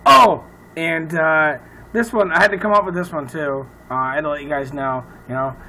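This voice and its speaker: A man who is a comedian, rambling loudly and profanely in a casual talk to camera. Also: fairly high pitch, moderate pace, a little hiss or hum, low-quality recording. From Irish heritage. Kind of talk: casual off-the-cuff chat to camera.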